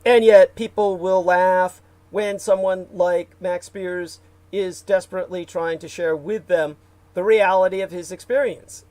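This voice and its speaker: A man's voice: high-pitched, darkish tone, no echo. A man hosting a casual livestream, rambling with many fillers and restarts and reading out viewer comments. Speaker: livestream host.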